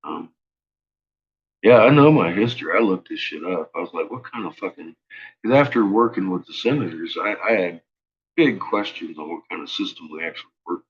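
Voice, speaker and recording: A man with a deep, low voice rambles through a casual monologue, swearing freely and stammering as he restarts his thoughts. The recording sounds dull and lo-fi. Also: animated, a little fast.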